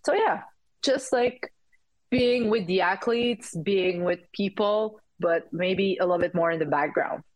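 A woman's voice: mid-range voice, a little slow, no echo. A young woman whose first language is French, a podcast guest talking casually and hesitantly, full of "like" and "um". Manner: hesitant, many fillers and restarts. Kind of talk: casual chat.

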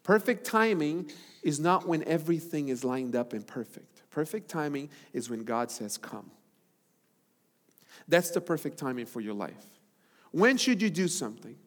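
A man preaching a sermon as pastor, swinging from loud, high-pitched calls to hushed, low passages. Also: big pitch swings, normal speed. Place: church sanctuary. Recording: large hall with long reverb and music.

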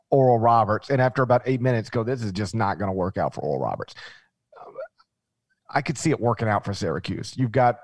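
Animated Memphis-accented man talking sports. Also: medium pitch, no room sound. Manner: animated, rambling with restarts. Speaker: podcast co-host. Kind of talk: casual sports chat.

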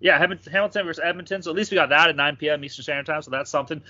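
A young man co-hosts a sports betting podcast, trading rowdy, profane banter in casual chat. His voice is on the high side, racing, pushed and bright, captured dry with no echo but dull lo-fi sound.

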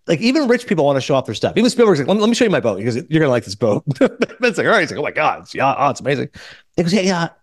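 A middle-aged man hosting a podcast, telling a story in casual chat and quoting people in quick back-and-forth. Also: fairly high pitch, no room sound, clean studio sound. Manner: animated, quotes others in quick back-and-forth. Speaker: podcast host.

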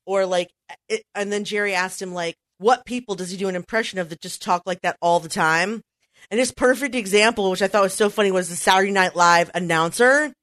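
A woman co-hosting a podcast in casual chat, who breaks into quick impressions as she talks. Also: medium pitch, fairly bright tone, no echo. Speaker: podcast co-host.

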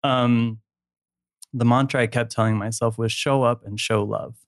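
A man's voice: mid-range voice, steady tone, measured pace, no room sound, studio quality. A man speaking candidly and emotionally as a guest in a personal conversation, laughing easily.

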